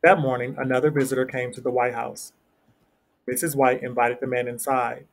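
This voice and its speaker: A man narrating a classic story aloud in a steady, plain reading voice. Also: mid-range voice, moderate pace. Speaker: story reader.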